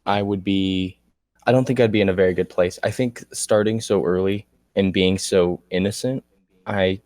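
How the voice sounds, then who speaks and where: Low-voiced man with dry jokes. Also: steady tone, normal speed, darkish tone, no room sound. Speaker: podcast co-host. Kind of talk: casual chat.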